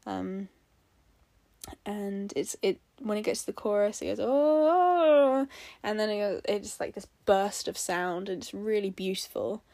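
A woman's voice: medium pitch, level tone, unhurried, a little mellow, no room sound. A woman breaking down a song in a casual, emotional way, rambling with fillers and restarts. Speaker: music reviewer.

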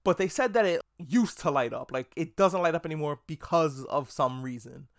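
A man hosting a casual video review of a TV episode, talking excitably, rambling and swearing a lot. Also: fairly high pitch, normal speed, no room sound, studio quality. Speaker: TV show reviewer.

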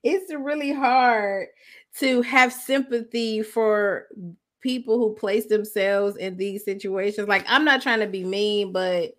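A woman's voice: medium pitch, a little slow, fairly bright tone. A woman co-hosting a casual chat, giving blunt, profane opinions and laughing along.

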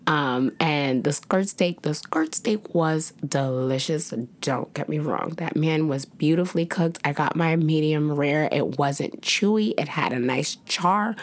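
A young woman co-hosting a casual chat show, telling animated food stories with lots of "like" and "y'all". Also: low-pitched. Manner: animated storytelling, lots of "like" and "y'all", swings into dramatic voices. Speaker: podcast co-host.

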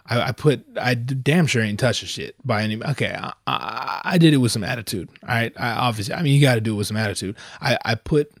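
A young man telling a profane, exasperated story in a dry close recording, with slangy talk that keeps stammering and restarting. His pitch stays mid-range as he rants animatedly. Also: fast, hardly any pauses, no room sound. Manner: stammers and restarts when worked up. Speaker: vlogger. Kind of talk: casual storytelling rant.

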